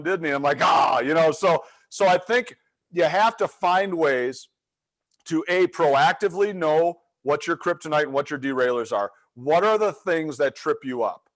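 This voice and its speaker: A man's voice: a little high, moderate pace. A middle-aged man, a leadership coach, telling a story with energy in a webinar and acting out the voices in it. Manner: animated storyteller, acts out quotes.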